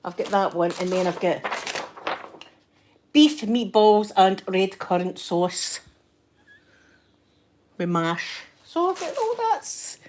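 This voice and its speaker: A woman's voice: mid-range voice, sing-song, slow, long pauses, noisy background. Older Scottish woman, talkative vlogger, laughs easily, rambles through stories. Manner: chatty, laughs often, rambling anecdotes. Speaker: vlogger reading live chat. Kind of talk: casual chat.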